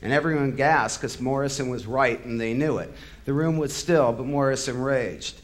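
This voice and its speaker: Speaking at a moderate pace in a mid-range voice, this man performs an impassioned spoken-word piece full of bitterness and sarcasm. He swears freely, and his heat swells into angry outbursts.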